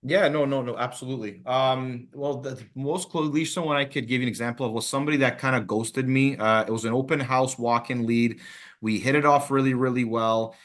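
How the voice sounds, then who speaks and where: A man in real estate talks through a recent case on a coaching call, in a mid-pitched voice. He hesitates, restarts his sentences and corrects himself with fillers as he goes. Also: fairly even intonation, fairly quick. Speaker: real estate agent trainee. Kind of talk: casual talk on a video call.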